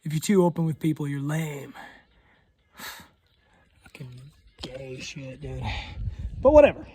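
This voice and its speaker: A man's voice: on the high side, animated, unhurried, warm tone, husky. A young man vlogging outdoors on a hiking trail, talking casually with slang and swearing, ranting about other hikers. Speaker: long-distance hiker filming his trail day. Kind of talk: casual vlog.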